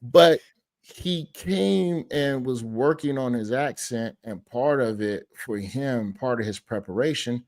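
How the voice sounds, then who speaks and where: A man's voice: mid-range voice, slow. Man, podcast guest; loose anecdote delivery, casual swearing. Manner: storytelling, animated, swears casually. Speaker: guest comedian.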